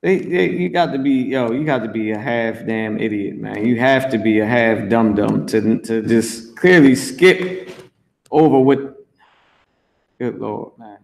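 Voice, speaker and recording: A man's voice: mid-range voice, unhurried, vocal fry, darkish tone. A man reading scripture aloud and commenting on it in a brash, profane, mocking way, teaching an online class. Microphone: streamed voice chat.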